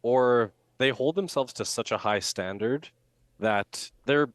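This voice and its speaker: A man talking as a communication coach in a podcast interview, lively and demonstrative, acting out speech examples as he explains. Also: medium pitch, slow pace, no echo. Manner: animated, acts out rising intonation examples.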